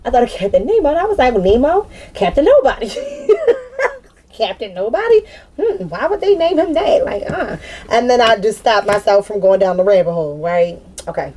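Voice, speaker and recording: A woman giving a casual spiritual card reading to her viewers, rambling, excitable and full of slang, breaking into loud laughter. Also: medium pitch, fairly quick, few pauses, rough recording. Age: adult with a daughter. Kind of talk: casual tarot-style collective reading.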